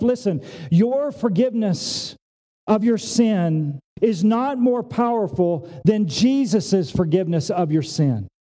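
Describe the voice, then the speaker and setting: A man preaching a sermon at a church service. He talks plainly with everyday examples and swings between raised, emphatic lines and low, hushed ones. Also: lively intonation, slow. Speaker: pastor.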